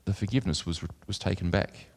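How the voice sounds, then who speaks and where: Delivering a sermon in a deep, darkish voice at a quick pace, this man reads scripture earnestly and drifts into casual, filler-laden asides. Long hall reverb colors the sound.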